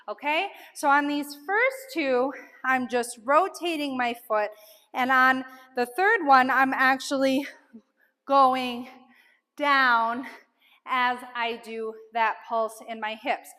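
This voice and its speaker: Woman dance instructor, high and bright, slow and chatty, counts beats aloud, long room reverb. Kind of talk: dance lesson, counting out moves.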